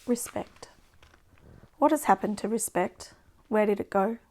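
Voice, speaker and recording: A woman reading her own poems aloud in a slow, subdued, even way. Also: mid-range voice. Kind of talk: poetry reading.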